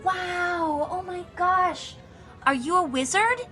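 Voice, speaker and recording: A woman voicing an excited little otter boy, a young child's voice pitched high above her own. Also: takes it slowly, soft background music, full character voice. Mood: awed.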